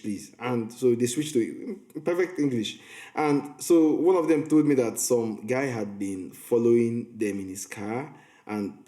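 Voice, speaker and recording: A man's voice: medium pitch, mellow. A man, chatting casually as a film reviewer and storyteller, often restarting his sentences. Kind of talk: casual vlog recap. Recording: echoey room.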